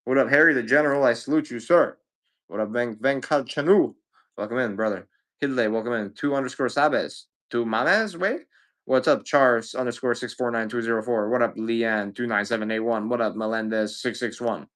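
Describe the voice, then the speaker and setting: A man selling used games on a livestream, rambling casually with profane jokes and shout-outs to chat. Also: medium pitch, normal speed. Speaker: live sale seller.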